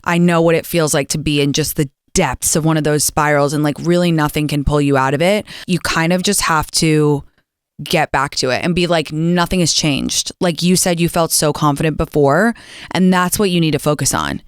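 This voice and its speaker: A young adult woman hosting a call-in podcast, giving blunt, animated advice and swearing freely. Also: low voice, a little fast, clear, resonant tone, no echo, clean studio sound. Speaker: podcast host taking calls. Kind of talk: casual advice chat.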